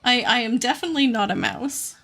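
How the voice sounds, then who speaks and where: A woman's voice: a little high, sharp tone. A woman hosting her game stream, chatting casually with friends and laughing easily. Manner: easygoing, giggly, quick to laugh. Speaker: streamer and host. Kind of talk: casual gaming chat. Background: game music.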